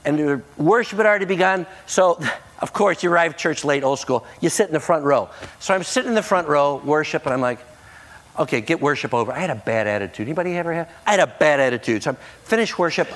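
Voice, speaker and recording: A middle-aged man preaching to a church crowd in a fairly high voice. He tells his story with lively energy and plays out each voice in it. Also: fast. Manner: animated, acts out the people in his story. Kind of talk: sermon with storytelling.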